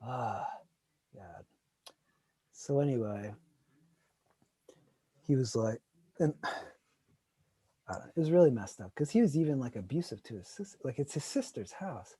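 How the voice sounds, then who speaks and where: A man co-hosting a casual chat, telling a story animatedly and acting out other people's lines loudly. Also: medium pitch, sing-song, measured pace, long pauses, slightly rough, dry recording. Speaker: co-host.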